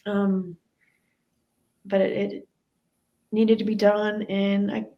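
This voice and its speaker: A woman's voice: mid-range voice, little pitch movement, slow pace, muffled recording. A woman guest in an interview, candidly and reflectively telling her family story.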